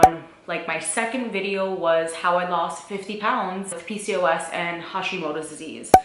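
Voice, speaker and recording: A woman's voice: fairly low pitch, very noisy. Young woman vlogging, open and chatty, says like a lot, echoey room. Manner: open, chatty, emotional at times, many fillers like "like". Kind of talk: casual confessional vlog.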